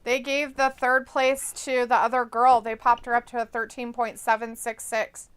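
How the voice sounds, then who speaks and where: A woman hosts a live watch-along stream in a loose, chatty way. She reacts out loud and keeps asking questions. Her voice sits a little high, with a bright, sharp edge. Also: level tone, moderate pace, clear, resonant tone. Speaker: stream host. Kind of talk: casual watch-along chat.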